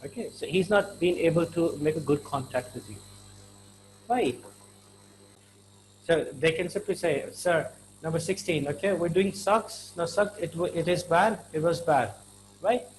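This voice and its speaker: A man with an Indian English accent gives a relaxed slang lesson, talking a little high and chatting freely with lots of fillers. He acts out short everyday dialogues as he goes, and a faint hum of insects hangs behind him. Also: a little slow, pauses often, low-quality recording. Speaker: English teacher.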